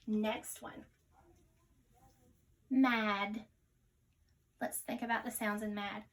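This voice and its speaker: A woman teaches phonics to young children in slow, encouraging, sing-song teacher talk, sounding out letters and words. Her voice is on the high side with fairly even intonation.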